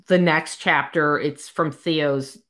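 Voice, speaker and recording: A woman's voice: sits low, fairly even intonation, takes it slowly, a bit bright. A woman in casual chat, retelling a romance novel and acting out the characters' lines as she goes. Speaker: book discussion co-host.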